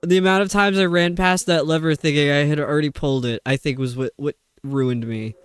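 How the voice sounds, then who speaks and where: Young guy streamer rambling over gameplay, tripping on words, kinda high smooth voice. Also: steady tone, fairly quick, fairly bright tone, no room sound. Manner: rambling, stumbles over words, laughs often. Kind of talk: live gameplay commentary.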